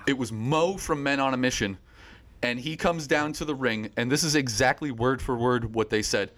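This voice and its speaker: Man, mid-pitched voice, podcast guest, relaxed, casual storytelling. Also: normal speed. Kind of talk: casual chat.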